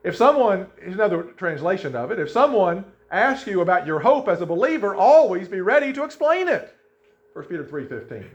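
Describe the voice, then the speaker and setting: A man's voice: high-pitched, big pitch swings, a little fast, muffled recording. A male pastor preaching a sermon, reading scripture aloud and asking the congregation emphatic questions.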